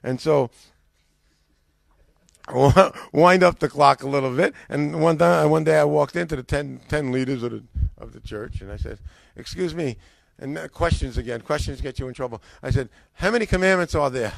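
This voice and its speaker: A man's voice: on the high side, normal speed, gravelly, no echo. An older man with an American accent, a former pastor, casually telling his story and acting out the dialogue with a rising voice. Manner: animated, acts out dialogue with rising voice.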